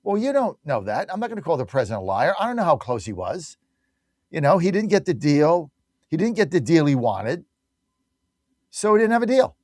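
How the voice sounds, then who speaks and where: High-voiced emphatic talk radio host man. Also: sing-song, brisk, a little mellow, no room sound, clean studio sound. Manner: emphatic, repetitive, combative. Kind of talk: opinionated talk radio monologue.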